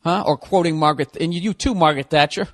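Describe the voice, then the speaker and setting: A man's voice: on the high side, quick pace, fairly bright tone, dry recording, studio quality. Brief: exasperated male podcast host ranting with heavy profanity and sarcasm. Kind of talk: comedic rant.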